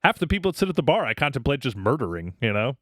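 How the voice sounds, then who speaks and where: A man's voice: medium pitch, very fast, no echo, clean studio sound. A man co-hosting a podcast, chatting casually and ranting with heavy swearing and mocking quoted voices. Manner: profane, animated rants with mocking put-on quotes. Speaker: podcast co-host. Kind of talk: casual chat.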